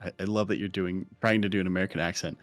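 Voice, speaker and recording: A man's voice: low-pitched, steady tone, rapid-fire, dry recording, faint music behind. A man playing a tabletop game, chatting hesitantly about what his character does. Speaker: player. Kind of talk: casual tabletop play.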